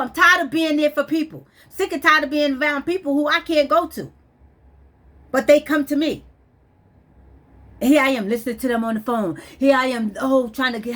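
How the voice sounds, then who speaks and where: A woman's voice: high-pitched, a bit bright. A woman venting bluntly on a vlog, stressed and weepy, swearing as she talks. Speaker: vlogger. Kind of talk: emotional personal vent.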